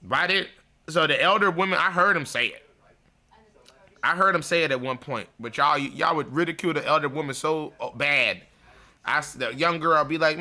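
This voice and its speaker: A man's voice: fairly high pitch, normal speed, sharp tone. A man hosting a livestream, delivering a blunt, profane, mocking monologue and laughing at his own jokes. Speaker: show host.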